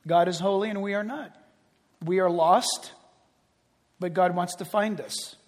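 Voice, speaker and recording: Male preacher, high voice, dramatic swings from loud to hushed, in a big reverberant church. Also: fairly even intonation, measured pace. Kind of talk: sermon. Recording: long reverb of a large hall.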